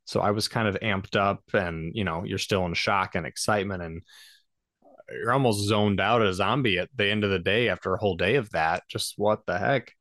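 Earnest jokester husband, low voice, dry close sound. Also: male voice, moderate pace, a bit bright, no room sound. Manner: earnest, reflective, jokey. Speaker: podcast co-host, husband. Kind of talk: casual storytelling chat.

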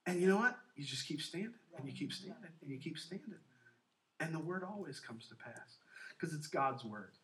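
Emphatic preaching man, bright voice. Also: on the high side, animated, normal speed. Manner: emphatic, repetitive exhortation with frequent affirmations. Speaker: co-host of a Christian talk show. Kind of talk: preaching-style faith talk.

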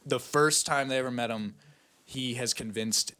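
A man's voice: medium pitch, normal speed, pushed and bright. A man casually retelling a story to friends, full of swearing and filler words. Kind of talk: casual group chat.

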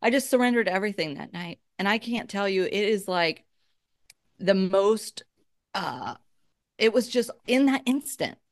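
A woman's voice: mid-range voice, animated, a little slow, dry recording, studio quality. A middle-aged woman, a podcast guest, earnestly telling her personal faith testimony in conversation. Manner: emotional, earnest storytelling.

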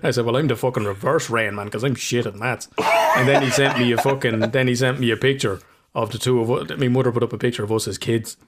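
A man's voice: medium pitch, steady tone, quick pace, heavy background noise. A man in casual chat, telling stories with a lot of swearing and laughter. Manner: sweary, storytelling, laughs often.

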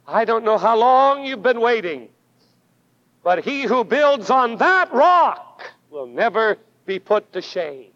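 A man preaching a sermon with fervent emphasis, his voice swelling on key words and dropping to a hush. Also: very high voice, big pitch swings, takes it slowly, no echo. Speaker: pastor. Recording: dull lo-fi sermon recording.

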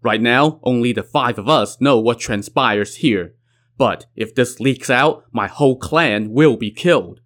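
A man's voice: medium pitch, a little slow, a bit bright, lightly acted. A man reading as a torn loyal commander. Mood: earnest.

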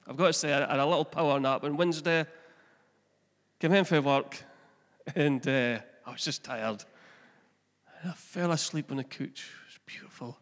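A man's voice: a little high, normal speed, long pauses, in a large hall. A middle-aged man, preaching a chatty sermon that asks the congregation questions and mixes in family stories. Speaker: pastor. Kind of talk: conversational sermon.

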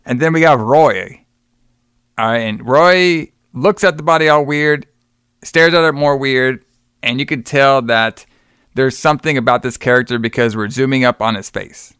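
At a moderate pace, a man with a mid-range, fairly bright, clear, and resonant voice co-hosts a casual movie review podcast. He rambles through the film's story, swears freely, and acts out quotes with laughter, in echo-free studio-quality audio.

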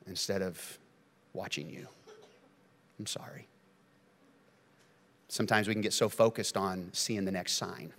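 A man preaching a sermon as pastor, telling stories with lively swings between loud and hushed delivery. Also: lowish voice. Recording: long reverb of a church hall.

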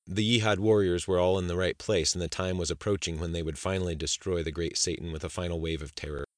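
Deep-voiced man narrating a thriller. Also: steady tone, quick pace, no room sound, clean studio sound. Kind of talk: scripted audiobook narration.

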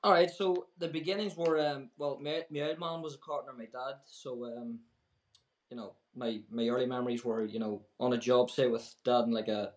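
A man with a Northern Irish accent, a podcast guest telling his story in casual chat with relaxed fillers. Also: mid-range voice, moderate pace, roomy sound. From Northern Ireland.

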